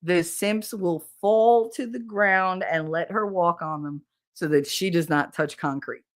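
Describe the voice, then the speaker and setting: A woman's voice: fairly low pitch, a little slow. A middle-aged woman, a podcast co-host, telling stories in a casual, candid and profane way, often quoting others. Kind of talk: casual storytelling.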